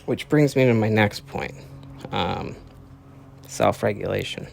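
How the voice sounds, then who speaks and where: A man's voice: on the low side, measured pace, vocal fry, a little mellow, soft background music. A young man hosting his own podcast, talking in a casual, profane, rambling monologue with earnest lecturing. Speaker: podcast host.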